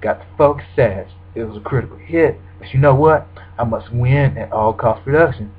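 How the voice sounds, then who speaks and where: Man, husky voice, casual game commentary, mid-range pitch, acts out his reactions, dull lo-fi sound. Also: normal speed. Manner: animated play-by-play, acting out his own reactions. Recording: dull lo-fi recording.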